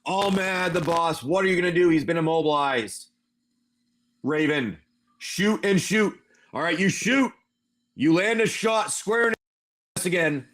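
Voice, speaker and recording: A man's voice: a little high, unhurried, pauses often, fairly bright tone. A man running a tabletop game on a live stream, narrating each move play by play. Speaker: game master.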